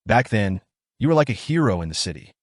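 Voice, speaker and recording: A cold, shrewd noblewoman from a storybook-style recap speaks in a cool, probing, matter-of-fact way, as a man reads her lines. The lines rise and fall with a lively lilt over a dry, close sound. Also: fairly low pitch, fairly quick, dry recording.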